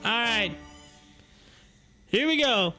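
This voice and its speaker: Young male streamer, very high and lively voice, joking casual host, laughs a lot. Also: takes it slowly, soft background music. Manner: excitable, joking, laughs often. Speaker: livestream host. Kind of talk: casual live stream chat.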